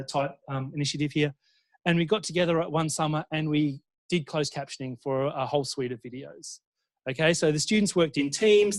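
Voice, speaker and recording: An Australian man giving a conference presentation as a university lecturer, animated and checking in with the audience, with frequent fillers and restarts. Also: on the high side.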